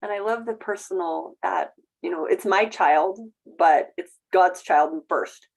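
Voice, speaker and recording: A middle-aged woman host in casual conversation, speaking earnestly and reflectively, with brighter quoted asides. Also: on the low side, a little slow, vocal fry.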